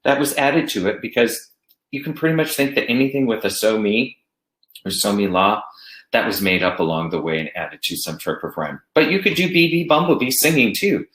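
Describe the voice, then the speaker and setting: Lively-voiced man teaching music games. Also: medium pitch, fairly quick. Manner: explains classroom games, speaks chants in rhythm. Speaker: music teacher presenting a workshop. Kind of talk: online teacher-training presentation. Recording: echoey room.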